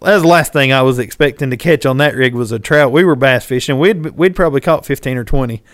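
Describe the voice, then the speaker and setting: A man, casually telling a lively story on a podcast. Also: medium pitch, fast talker, dry recording, clean studio sound. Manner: animated, laughing, shouts when retelling.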